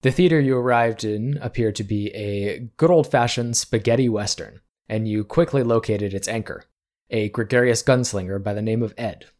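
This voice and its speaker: A man's voice: lowish voice, a little mellow. Man narrating a tabletop game. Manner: measured storytelling narration. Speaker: game master.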